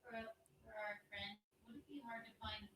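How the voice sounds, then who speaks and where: Quiet woman talking from off-mic. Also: fairly high pitch, moderate pace, heavy reverb, recorded from a distance, noisy background. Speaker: host's partner in the room. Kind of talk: offhand remarks from across the room. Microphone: off-mic, picked up from across the room.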